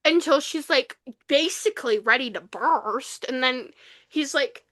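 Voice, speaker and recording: A young woman co-host tells a book plot in a loose, animated way, full of "like" and "you know." Her voice sits high and bright. It is recorded dry and close, with no room sound. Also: moderate pace, no echo. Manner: animated retelling with frequent fillers. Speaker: podcast co-host. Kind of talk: casual book review chat.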